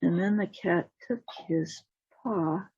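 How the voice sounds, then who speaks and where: Slow-paced woman telling a folktale. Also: lowish voice, dark tone, slightly rough, no echo. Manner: slow, deliberate, with voiced sound effects. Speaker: storyteller. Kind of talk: told folktale. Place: home, video call. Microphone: video call mic. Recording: dull lo-fi call audio.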